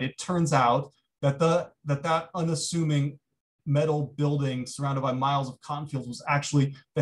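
A man giving a keynote talk, telling an anecdote in a conversational way with frequent restarts. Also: mid-range voice. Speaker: keynote speaker. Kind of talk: storytelling lecture.

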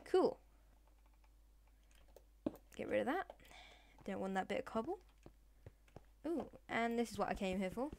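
A woman's voice: mid-range voice, lively intonation, a little slow, gravelly, pauses often, a little mellow, a little hiss or hum. A woman giving playful, chatty gameplay commentary, talking to in-game animals and dropping into whispered asides. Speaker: Let's Play gamer.

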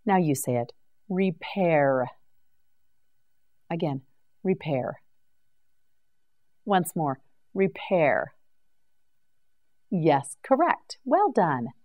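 A woman teaching English vocabulary in a slow scripted drill, enunciating each word clearly and patiently. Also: deep voice, sing-song, muffled recording.

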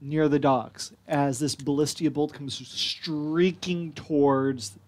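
A man running a tabletop game as game master, calmly giving rules calls and describing the action. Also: a little high, takes it slowly, a little hiss or hum.

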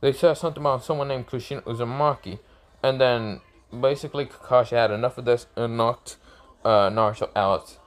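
A young man casually retelling a fan-made story, rambling with fillers and restarts and jumping into excited quoted lines. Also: medium pitch, a little fast.

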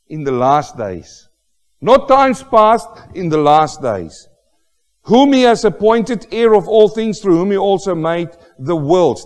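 A man preaching a sermon with emphatic, exclamatory delivery, building to loud rhetorical questions. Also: sits high, big-room sound. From Australia. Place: church hall.

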